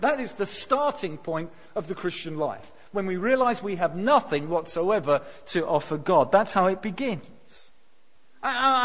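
A man with a high voice delivers a sermon, stressing key words with sudden force and almost shouting them. The recording sounds muffled and lo-fi. A long reverb trails behind him, as in a large church hall. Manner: emphatic, rises to near shouts on key words. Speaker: preacher.

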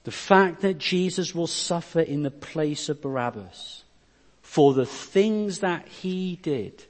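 A man's voice: fairly high pitch, animated, takes it slowly. A man preaching a sermon, reading scripture verses aloud and explaining them, his delivery rising and dropping in force. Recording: long reverb of a hall.

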